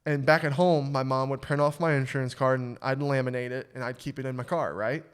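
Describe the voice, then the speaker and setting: A young adult man hosting a podcast, telling a story in casual chat with lots of swearing and quick restarts. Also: medium pitch, smooth. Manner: animated, swears freely, stammers and restarts. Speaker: podcast host.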